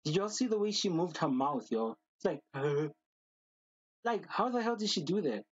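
A man hosting a reaction video, talking casually and excitedly, gushing and repeating slang fillers. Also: sits high, fairly quick, slightly rough, highs cut off.

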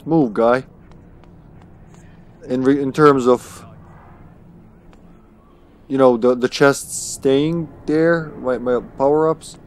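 A man's voice: mid-range voice, fairly even intonation, slow pace, long pauses, darkish tone. A man streaming a video game live, chatting casually to himself with swearing and chuckles. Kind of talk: live gaming commentary.

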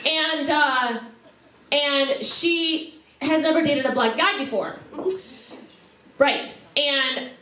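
A woman's voice: sits high, extremely slow, long pauses, bright, forceful tone. A woman stand-up comedian doing a set on a comedy club stage, brash and profane as she teases the crowd. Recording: echoey club with background noise.

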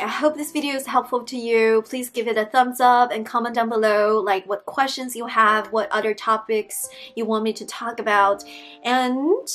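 A woman's voice: on the high side, a bit bright. A young woman, a non-native English speaker, giving earnest tips to camera in a chatty way full of "like" fillers. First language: not English. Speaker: vlogger giving language-learning tips. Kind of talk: casual talk to camera.

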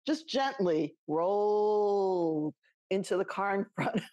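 A woman's voice: medium pitch, animated, slow, warm tone, no echo. A middle-aged woman co-hosting a podcast, telling a personal story in a casual, chatty way and laughing often. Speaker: podcast co-host.

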